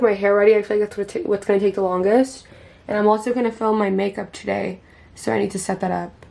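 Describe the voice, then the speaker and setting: A woman in her twenties vlogs at home indoors, chatting casually and bubbly to her camera with lots of fillers, especially "like". Her voice is medium-pitched and mellow, with vocal fry.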